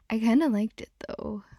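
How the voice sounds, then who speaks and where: A young woman in a whispered role-play as a girlfriend, talking softly with playful giggles. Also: on the high side, dry recording, clean studio sound.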